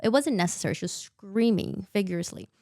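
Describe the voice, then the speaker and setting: A woman's voice: medium pitch, sing-song, a little fast, vocal fry, darkish tone, no room sound, studio quality. A young adult woman, a maternity nurse guest on a podcast, candidly retelling her birth experience with emphatic quoted dialogue. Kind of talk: candid conversational storytelling.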